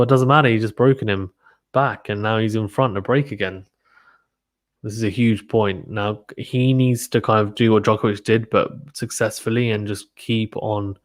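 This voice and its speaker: A man giving excitable live play-by-play tennis commentary, gasping and exclaiming at big points. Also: fairly low pitch, no room sound, studio quality.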